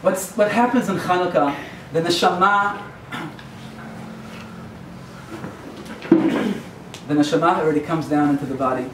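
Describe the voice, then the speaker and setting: Rambling, joking rabbi in a hall. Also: male voice, on the high side, slow pace, pauses often. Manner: digressive, joking storyteller. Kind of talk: sermon. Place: yeshiva lecture hall. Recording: echoey hall, far from the mic, faint hum.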